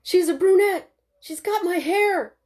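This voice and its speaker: A woman voicing an overexcited new father in a read-aloud novel, shouting high and loud. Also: flat delivery, moderate pace, lightly acted. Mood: yelling excited. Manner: yelling, overexcited. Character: frantic excited new father, adult man.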